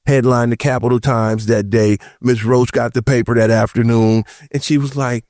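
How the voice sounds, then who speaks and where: A man on a podcast panel telling personal stories in casual chat, animated and acting out the voices of the people he quotes. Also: medium pitch, normal speed, no echo, studio quality. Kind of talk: casual roundtable chat, storytelling.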